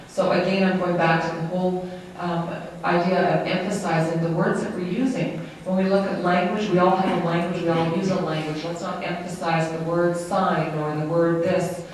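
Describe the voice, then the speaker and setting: An interpreter voicing a lecture live, in a halting, self-correcting way. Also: mid-range voice, level tone. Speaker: sign language interpreter. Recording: very echoey room, distant mic, faint noise.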